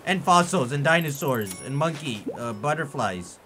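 Excitable young man ranting over gameplay. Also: mid-range voice, moderate pace, a crowd in the background. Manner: excitable, exaggerated frustrated rants. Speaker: gaming YouTuber. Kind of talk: let's play commentary.

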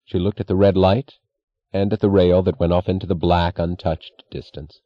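A man narrating an audiobook in a measured, even reading. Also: low voice, dry recording, dull audio. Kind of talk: scripted narration.

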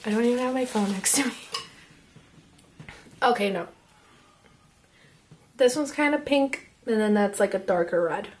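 A young woman casually reviewing makeup as she swatches it, chatty and excitable and half losing her voice. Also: fairly high pitch, moderate pace, long pauses. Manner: chatty and excitable, drops to whispers. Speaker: beauty vlogger.

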